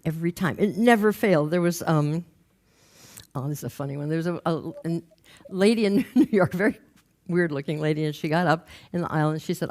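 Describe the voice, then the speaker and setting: Lower-voiced woman telling stories on stage. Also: brisk. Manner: lively, acts out the people in her anecdotes. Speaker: speaker giving a motivational talk. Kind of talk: storytelling stage talk. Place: stage before an audience.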